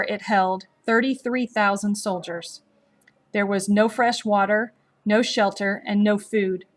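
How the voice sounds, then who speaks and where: A woman narrating a story aloud in a slow, measured, gently expressive storybook reading. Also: fairly high pitch.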